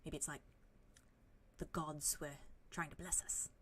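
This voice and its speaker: Lady doing a soft, paranoid drow guy, kinda low and musing. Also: steady tone, measured pace, a little hiss or hum. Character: male drow elf, paranoid, awkward.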